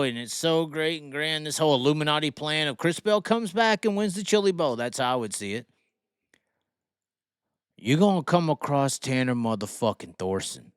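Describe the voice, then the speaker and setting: Male host, fired-up profane racing rant, smooth clear voice, dry close sound. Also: fairly high pitch, no room sound. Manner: heated, swearing, mocking. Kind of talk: profane opinion rant on livestream.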